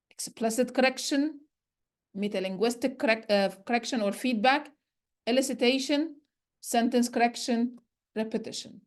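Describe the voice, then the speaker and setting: A woman with a somewhat high voice gives a teacher-training lecture. She lays out each point in order, often starting with "so". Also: darkish tone. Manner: explains step by step, often starting with "so".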